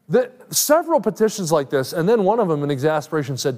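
Earnest evangelist preaching in a reverberant hall. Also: male voice, a little high, sing-song, fast, hardly any pauses, a little mellow. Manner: earnest preaching, quotes Scripture at length, rising emphasis. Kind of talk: sermon.

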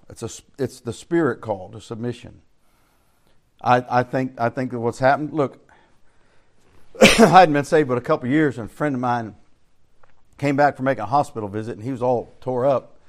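An older man preaches through a Bible study in a plain, folksy manner, at an ordinary middle pitch. His delivery keeps rising to loud emphasis and dropping to soft, low asides. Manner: folksy storytelling with swings between loud and soft. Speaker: pastor.

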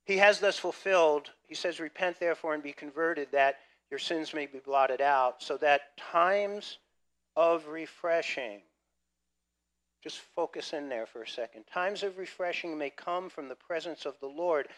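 A man preaching a sermon, lively and conversational, swinging between loud emphasis and quiet asides. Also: a little high, moderate pace, hardly any pauses. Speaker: pastor.

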